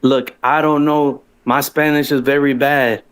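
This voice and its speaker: A man's voice: mid-range voice, little pitch movement, unhurried, fairly bright tone, clean tone. A man telling his own story as a guest on a livestream, rambling and profane, with frequent restarts.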